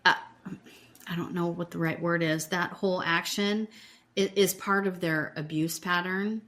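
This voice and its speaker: A woman co-hosting a casual recap podcast. She talks slowly and deliberately, pausing as she works out what she wants to say. Between points she backs up her co-host with steady murmurs of agreement. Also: fairly low pitch. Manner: slow, searching for words, many affirming murmurs.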